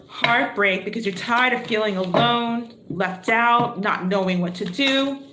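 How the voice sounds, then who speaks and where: A woman's voice: a little high, reverberant. A woman giving a live tarot reading, chatty and exclamatory, thinking aloud as she draws cards. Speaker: tarot reader.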